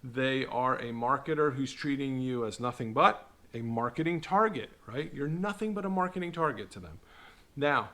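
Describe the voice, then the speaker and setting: A middle-aged man giving casual talking-head commentary, animated and sarcastic, tagging "right?" onto his points. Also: medium pitch, normal speed. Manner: animated, sarcastic, mocks marketers in put-on voices; repeats "right?" to the viewer. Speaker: online video host.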